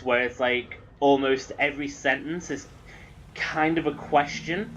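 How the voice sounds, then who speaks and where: A man's voice: mid-range voice, a bit bright, slight background noise, poor audio. An English man giving rambling, casual commentary while streaming a video game, swearing now and then. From England.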